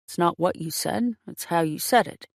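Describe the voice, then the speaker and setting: Woman reading a deadpan male detective. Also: lowish voice, normal speed, creaky, no room sound, studio quality. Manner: flat, deadpan. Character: man, flat dry-witted detective. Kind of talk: audiobook character voice.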